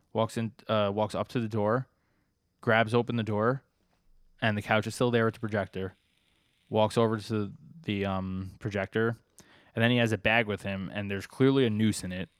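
A man's voice: on the low side, dry recording, clean studio sound. A man co-hosting a podcast, recapping a story in a loose, chatty way with fillers. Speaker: podcast co-host. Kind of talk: casual chat recapping a story.

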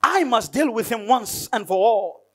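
Jealous bitter young man, voiced by a preacher in a sermon, resentful muttering, high male voice. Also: animated, a little slow, a bit bright, exaggerated voice.

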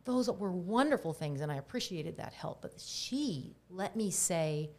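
A middle-aged woman, an herbalist appearing as a talk show guest, shares personal stories candidly and reflectively, sometimes dropping to a near-whisper. Her voice is fairly low and darkish in tone, animated yet unhurried.

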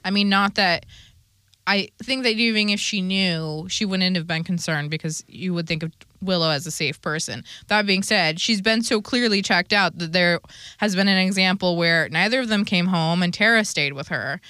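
A woman co-hosting a casual podcast chat, animated and laughing often. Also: lowish voice, normal speed, smooth, dry recording, clean studio sound. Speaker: podcast co-host.

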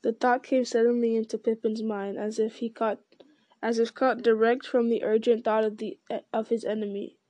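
A woman reads a fantasy novel aloud in an even, unhurried manner, now and then restarting a phrase. Her voice sits a little high with a warm, mellow tone, and the recording is close and dry. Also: no echo. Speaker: audiobook reader.

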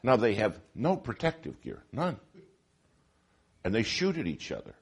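A man preaching a sermon in an auditorium, telling stories with lively swings from hushed to loud. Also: lowish voice, normal speed, creaky, slightly rough. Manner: animated storytelling, shifting from hushed to loud.

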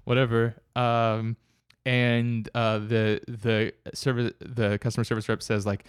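A man's voice: medium pitch, flat delivery, unhurried, clean tone, no room sound, studio quality. A man telling a travel story in casual chat, rambling with many fillers and restarts.

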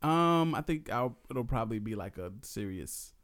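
Man, animated pitch, relaxed playful co-host. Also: moderate pace. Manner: laid-back, playful denials. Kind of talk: casual couple chat.

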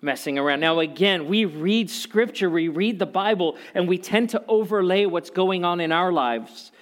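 A man's voice: sits high, moderate pace. A man preaching a sermon in a conversational way, telling personal stories with humor and repeating key phrases for emphasis. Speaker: pastor.

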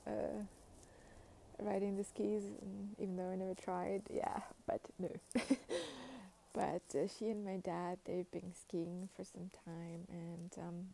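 A young woman from Ukraine, vlogging outdoors at a snowy train station in a halting, reflective way with many fillers. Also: lowish voice, level tone, gravelly, warm tone, slight background noise, poor audio. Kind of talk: casual personal vlog.

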